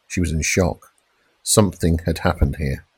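A man reading a crime novel aloud in measured, dramatic narration, raising his voice for the police shouts. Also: extremely low pitch, breathy edge, no room sound. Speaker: audiobook narrator. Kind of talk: scripted narration.

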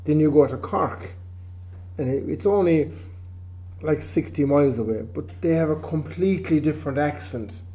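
A man's voice: fairly high pitch, normal speed, mellow. A man with a Kerry Irish accent, interviewing a guest in easygoing casual chat. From Ireland. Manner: easygoing, lots of agreeing "yeah".

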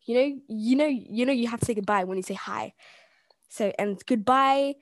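A woman's voice: a little high, normal speed, no echo. A young woman co-hosting a casual chat, rambling and giggly as she shares homemade quotes. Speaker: podcast co-host.

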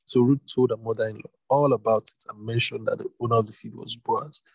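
A man's voice: medium pitch, fairly even intonation, fairly quick, creaky, hardly any pauses, breathy edge, no echo, lo-fi sound. A man reading a Bible story aloud, voicing the characters and adding casual asides. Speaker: reader.

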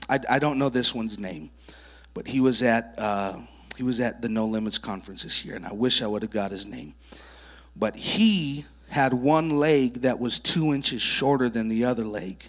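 A male preacher speaking to children in a church sanctuary. He tells his stories vividly and draws kids up on stage as volunteers. His voice sits at an ordinary middle pitch. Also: moderate pace. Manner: animated storyteller who works with child volunteers. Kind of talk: sermon with testimony stories.

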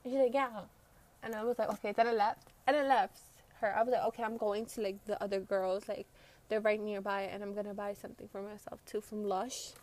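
A woman's voice: mid-range voice, level tone, fairly quick, darkish tone, slight background noise. A young woman telling a rambling, profane storytime, often quoting her friends. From Brooklyn, New York. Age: young adult. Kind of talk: casual storytime.

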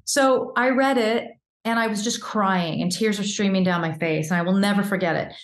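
Animated storytelling woman, roomy sound. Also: medium pitch, fairly quick. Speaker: vocal coach guest. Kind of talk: casual interview talk.

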